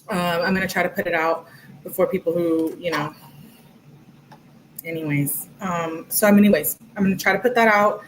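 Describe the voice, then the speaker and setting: Woman rambling on a livestream, reading texts out loud and chatting to viewers, faint noise behind her. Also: fairly low pitch, poor audio. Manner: chatty and rambling, thanking viewers as she goes. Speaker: livestream host. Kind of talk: casual livestream commentary reading text messages.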